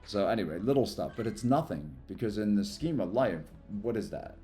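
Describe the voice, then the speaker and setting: Chatty low-voiced male livestreamer. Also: animated, mellow, faint music behind. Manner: rambling, chatty, quick to thank followers. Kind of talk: casual live stream chat while gaming.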